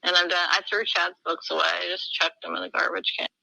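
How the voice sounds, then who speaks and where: A middle-aged woman speaks fervently in an emotional personal conversation. Her voice is gravelly with fry and has a very sharp, tense edge. The sound is dry and close. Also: on the low side, little pitch movement, a little fast, dry recording, rough recording. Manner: fervent, quotes dialogue in a swinging voice.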